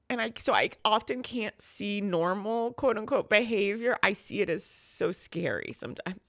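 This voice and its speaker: A woman's voice: fairly high pitch, normal speed, no echo, clean studio sound. A woman guest in an interview, telling a personal family story with feeling and acting out the voices of the people in it. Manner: animated, acts out quoted voices in storytelling. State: crying at times.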